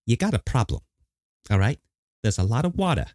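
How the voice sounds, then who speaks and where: A man's voice: mid-range voice, very animated, a little fast, darkish tone, no room sound, clean studio sound, close to an everyday voice. A man doing a pushy, brash gutter-fixer impression. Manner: pushy, streetwise, punctuated with "okay?".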